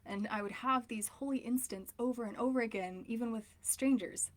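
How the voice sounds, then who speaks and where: This relationship coach, a woman in her thirties, talks briskly with few pauses in a fairly high voice. Her casual chat to camera is candid and emotional, meandering and full of fillers.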